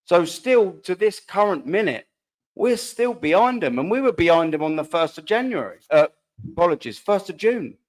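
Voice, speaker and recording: A man hosting a football fan panel, animated and frustrated, with lots of conversational asides. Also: high-pitched, moderate pace. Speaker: host.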